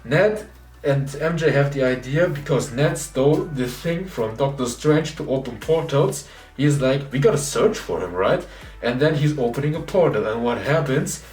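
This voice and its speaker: Excited male movie reviewer, echoey and distant. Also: normal speed. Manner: excited retelling, dropping into low voices to quote characters. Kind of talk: casual spoilery movie recap. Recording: roomy echo, distant mic, faint music behind.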